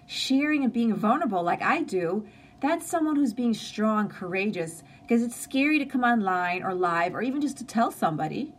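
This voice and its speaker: Brief: woman in her forties, mid-pitched voice, sincere conversational live-stream host. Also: slight background noise. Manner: earnest, open and conversational, with emphatic lists. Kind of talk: casual heartfelt live-stream talk.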